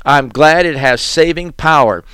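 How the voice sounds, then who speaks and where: A man delivers a sermon in a fairly high, smooth, resonant voice. He reads old-style scripture aloud and then drives it home with rhetorical questions. The sound is close and dry, with no room around it. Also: a little slow, a bit bright, dry recording. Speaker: preacher.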